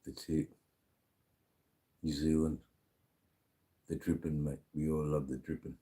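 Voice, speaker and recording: A man's voice: very deep voice, little pitch movement, measured pace, warm tone. A drunk man hosting a casual live stream from a bar, rambling and slurring with lots of fillers. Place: sitting at a bar.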